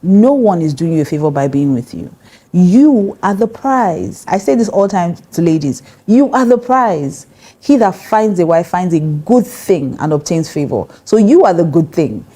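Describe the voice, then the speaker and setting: A woman's voice: fairly low pitch, expressive, fairly quick, hardly any pauses, dark tone. A middle-aged woman pastor with a Nigerian English accent giving a conversational marriage teaching, direct and emphatic, laughing often.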